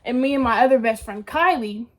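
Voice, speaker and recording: Lively young woman telling a story. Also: fairly high pitch, fairly quick. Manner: animated, slangy, says dude and swears. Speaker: vlogger. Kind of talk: casual storytelling.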